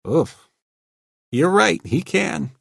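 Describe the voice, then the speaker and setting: Man doing a young technician, eager and incredulous, husky lift in the voice. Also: a little high, big pitch swings, very slow, dry recording, studio quality, pitched above the performer's own voice, exaggerated voice. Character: young, excitable stage technician.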